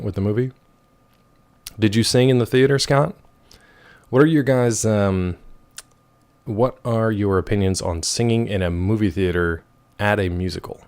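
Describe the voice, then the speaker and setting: A man in his thirties chatting casually with his stream viewers, rambling and wry, with a rough throat. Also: on the low side, a little mellow. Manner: rambling, wry, reacts to chat messages.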